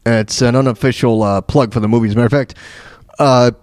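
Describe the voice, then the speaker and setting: A man with a slightly mellow mid-range voice speaks quickly with fairly even intonation, recorded clean in a studio with no room sound. Hosting a radio show, he tells stories in a rambling, casual monologue full of fillers and restarts, laughing at the jokes he retells.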